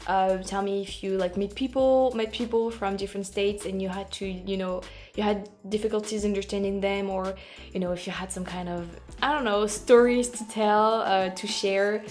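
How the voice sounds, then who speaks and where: French woman chatting, halting and giggly. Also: medium pitch, steady tone, darkish tone, soft background music. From France. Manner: halting, self-correcting, laughs at herself. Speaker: YouTube host. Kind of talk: casual reaction chat.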